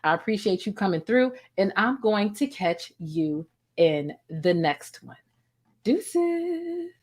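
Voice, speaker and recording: A woman's voice: fairly low pitch, expressive, a little slow, slight background noise. A woman from Baltimore with a Baltimore accent, chatting casually to camera as a vlogger and talking to her cat now and then. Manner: chatty, talks to her cat between remarks. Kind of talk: casual commentary vlog.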